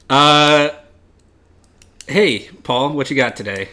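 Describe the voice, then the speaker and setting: A man's voice: mid-range voice, expressive, moderate pace, a bit bright. Young male co-host, mid-range voice, dry teasing delivery. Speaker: podcast co-host. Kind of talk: casual comedic chat.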